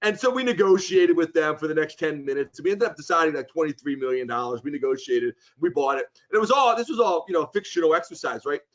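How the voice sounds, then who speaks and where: Man, high-pitched, animated storyteller, acts out quotes. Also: fast talker, few pauses, dull audio. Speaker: interview guest. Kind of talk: casual storytelling.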